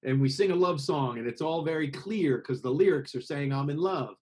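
A man from America being interviewed about singing, explaining with lively examples and acted-out voices. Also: on the high side, a little fast. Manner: expressive, acts out voices to make points. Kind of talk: conversational interview over a call.

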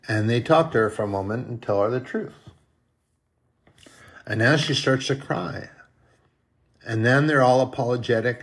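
A man's voice: fairly low pitch, animated, normal speed, pauses often. A man preaching in a folksy, rambling storytelling style, now and then acting out short quoted voices. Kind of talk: storytelling sermon.

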